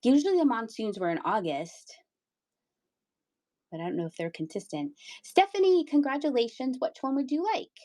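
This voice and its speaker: A woman's voice: a little high, big pitch swings, moderate pace, dark tone. Chatty, playful woman hosting a live sale. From Pennsylvania. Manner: chatty, playful, giggly, sing-song asides. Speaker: live-stream seller. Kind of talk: casual live-sale chat.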